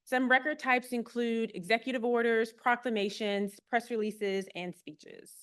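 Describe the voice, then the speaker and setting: A woman's voice: a little high, steady tone, measured pace, a bit bright, smooth. A woman archivist giving a public talk to a live audience, friendly and explanatory with a light touch of humor.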